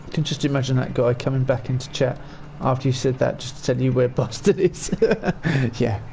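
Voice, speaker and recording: Brief: male streamer, gravelly voice, mid pitch, loose chatty game commentary. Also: normal speed, mellow, a little hiss or hum. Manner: chatty, chuckles often, talks to chat. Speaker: gaming streamer. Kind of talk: casual let's-play commentary.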